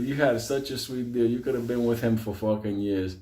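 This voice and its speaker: This storyteller has a mid-range voice and a moderate pace with few pauses, recorded in an echoey room. Swearing constantly and laughing often, he animatedly recounts funny tales about an old friend.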